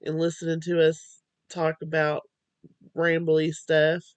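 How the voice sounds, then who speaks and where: Slow, drowsy young woman. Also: low-pitched, monotone, no echo. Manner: slow, hesitant, halting with many fillers. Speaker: vlog host. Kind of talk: casual chat.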